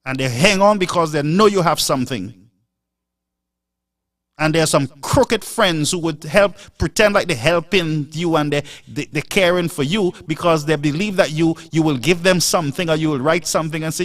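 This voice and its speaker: A man's voice: a little high, normal speed, fairly bright tone. A man lectures his live-stream audience in a slightly raised voice, pressing every point home. He sounds set back from the microphone, a little distant in the room. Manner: emphatic, lecturing, rhetorical "Huh?" asides. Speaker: live show host. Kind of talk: preachy live-stream monologue.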